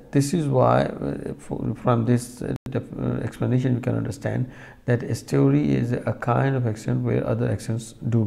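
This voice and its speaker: A man giving a recorded lecture to students, explaining slowly with many fillers and restarts and talking straight to the class. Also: medium pitch, gravelly, mellow.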